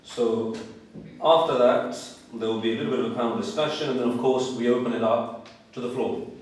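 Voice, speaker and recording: Play a hoarse man chairing a debate, steady and formal, with the mic set well away in a big, boomy hall. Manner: measured, formal, reads from notes. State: hoarse, under the weather. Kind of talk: formal introductions at a public debate. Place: large lecture hall. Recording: echoey hall, voice from far off.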